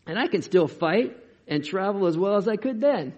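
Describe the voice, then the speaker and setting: A man performs a vigorous old man of eighty-five, loud and declaiming, with a husky edge. He is bold and eager to fight. The recording is dull and lo-fi. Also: sits high, animated, normal speed, pitched above the performer's own voice.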